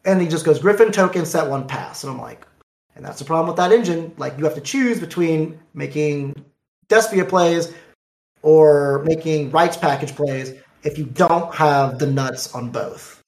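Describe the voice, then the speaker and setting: Man, casual storytelling, animated, slightly high pitch, echoey room. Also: measured pace. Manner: animated, acts out dialogue in quotes. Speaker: card game player.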